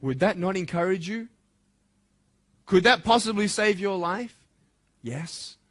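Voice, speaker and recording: Impassioned man giving a bright motivational speech. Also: high voice. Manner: impassioned, swings between soft intimate and loud emphatic. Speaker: motivational speaker at a school.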